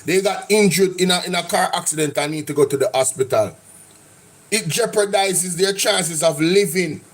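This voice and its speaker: High-voiced impassioned Jamaican man ranting. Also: normal speed. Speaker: political commentary host. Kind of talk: live stream reaction commentary.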